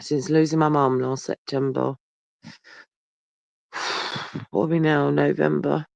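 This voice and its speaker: A man speaks slowly with a fairly high, creaky voice and level tone, chatting casually and wearily to livestream viewers while rambling and swearing. He yawns often, holds the phone very close, and the dry phone audio sounds dull and lo-fi.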